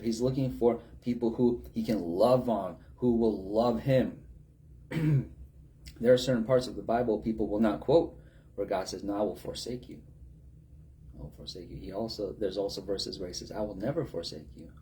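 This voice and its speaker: A man's voice: medium pitch, mellow. A man preaching a sermon in a conversational way, with many rhetorical questions and acted-out quotes.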